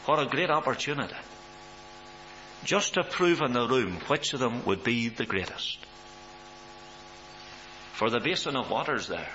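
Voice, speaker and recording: A man preaching a sermon, swelling in pitch and loudness for emphasis, on a dull recording with mains hum. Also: lively intonation, a little slow, pauses often.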